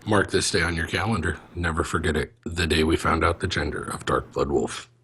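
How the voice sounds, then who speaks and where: A man's voice: a bass voice, fairly quick, bright, forceful tone, a little hiss or hum. A man co-hosting a podcast, casual chat with dry joking asides. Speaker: podcast co-host.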